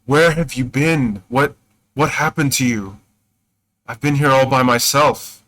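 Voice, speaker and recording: A man voicing a lonely, formal woman wizard, a high enchanter, in a tabletop game. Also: measured pace, fairly bright tone, close to an everyday voice. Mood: gracious. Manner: formal, gracious.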